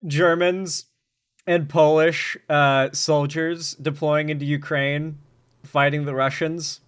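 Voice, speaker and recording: A man giving casual, animated commentary while reacting to news clips, urgent and joking by turns. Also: fairly high pitch, takes it slowly, smooth.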